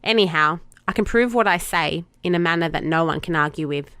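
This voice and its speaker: A woman voicing a brisk, determined female Starfleet doctor who talks firmly and insistently in a fan audio drama. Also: fairly low pitch, a bit bright, clear, resonant tone, dry recording, natural voice. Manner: firm, insistent.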